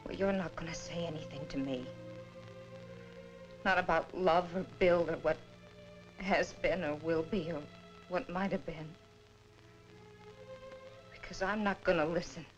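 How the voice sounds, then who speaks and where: An actress in a 1950s film playing a bitter young woman who coldly accuses a man and rises to shouting. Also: lowish voice, unhurried, long pauses, dull audio, natural voice. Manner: cold, accusing, rising to shouting. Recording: old film soundtrack with music.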